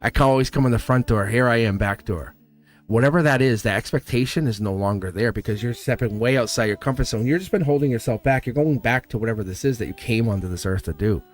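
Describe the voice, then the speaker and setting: A middle-aged man hosting a live tarot reading, rambling and upbeat, his voice hoarse and cracking. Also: mid-range voice, fast. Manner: rambling, upbeat, repeats himself. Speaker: tarot reader and host.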